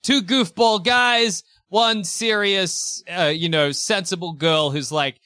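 A man chatting casually on a podcast, animated and quick to laugh, often slipping into mock voices. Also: sits high, no room sound, clean studio sound.

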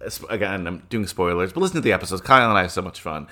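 Male podcast guest, low voice, rambling and animated storyteller. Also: racing. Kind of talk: casual chat.

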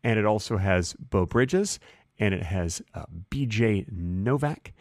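A man co-hosting a casual comedic podcast chat, joking in a playful, deadpan way. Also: lowish voice, a little slow, no room sound, clean studio sound. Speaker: podcast co-host.

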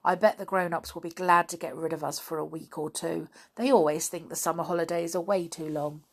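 A stubborn tomboy brushes things off bluntly. Her voice stays low-key and plain, voiced by a woman storyteller. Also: fairly even intonation, a little fast, breathy edge. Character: tomboyish girl, stubborn and independent.

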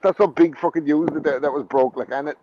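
A man rants on a boxing podcast, exasperated and sweary, his voice a little high. The sound is dull, with clear noise behind it. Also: steady tone, quick pace. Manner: exasperated ranting. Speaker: podcast co-host. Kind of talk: casual boxing chat.

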